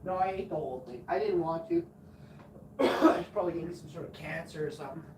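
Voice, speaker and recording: A man's voice: on the high side, brisk. A man in his forties telling crude, rambling stories on a live stream, swearing often. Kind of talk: casual storytelling on a live stream. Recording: echoey room, far from mic, noisy.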